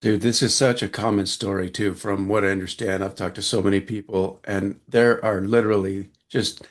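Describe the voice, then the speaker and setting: Relaxed male podcast host, lowish voice. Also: moderate pace. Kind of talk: casual interview chat.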